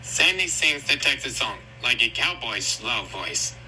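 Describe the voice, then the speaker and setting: A man's voice: mid-range voice, lively intonation, unhurried, music in the background, poor audio. A man casually retelling a cartoon episode in a rambling, repetitive way. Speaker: storyteller.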